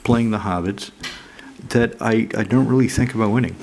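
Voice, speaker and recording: A man with a low, gravelly voice rambles and thinks aloud in a casual home chat, dropping the odd swear word. Running water can be heard clearly behind him. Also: normal speed. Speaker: channel host opening card mail. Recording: noisy room with running water.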